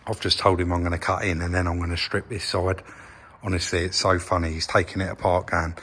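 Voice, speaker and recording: Low-pitched and brisk, this man's voice barely moves in pitch and has a slightly bright quality, with some background noise. He's an English vehicle repair channel host from England, chatting indoors in his workshop and explaining things as he points them out.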